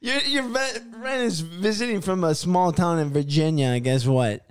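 Male podcast host, bit high and very lively, teasing banter, crowd audible behind. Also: normal speed. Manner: playful, teasing, repeats the guest's lines. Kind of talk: casual chat.

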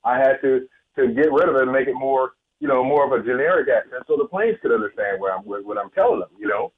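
Husky man calling in on a phone line. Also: medium pitch. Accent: Southern US, toned down. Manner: heated, halting, repeats words. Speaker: caller. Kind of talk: call-in talk radio opinion.

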